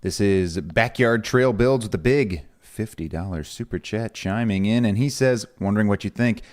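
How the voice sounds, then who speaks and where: A man's voice: fairly low pitch, normal speed. A man co-hosting a live stream, reading viewer messages and adding dry, brief interjections. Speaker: stream co-host.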